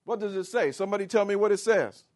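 Preaching to his congregation, this man alternates loud proclamations with quiet, quick side remarks. He questions his listeners directly and gives voice to inner thoughts.

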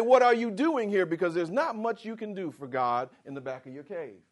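A man preaching a sermon, swinging from loud proclamations to hushed quick asides, asking the congregation questions and acting out inner voices. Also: animated. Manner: swings from booming declarations to hushed, fast asides.

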